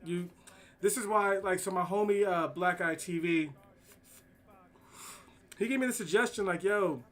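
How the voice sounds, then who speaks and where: A man's voice: high-pitched, moderate pace, fairly bright tone. A man casually telling rambling, profane, slang-heavy stories while he draws. He mentions having kids to get home to. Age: adult with kids. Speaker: streamer. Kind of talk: casual storytelling while drawing.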